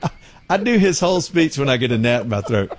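A man's voice: mid-range voice, sing-song, brisk. Man telling stories. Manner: storytelling, acts out voices and laughs often. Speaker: radio show host. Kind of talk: casual chat.

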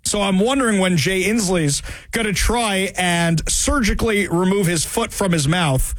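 A man hosting political talk radio, sarcastic and animated, repeating phrases for emphasis. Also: high-pitched, normal speed, no room sound.

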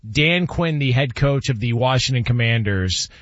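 A man's voice: mid-range voice, moderate pace, no room sound, highs cut off. Perplexed male sports talk host. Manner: perplexed, animated questioning with laughs.

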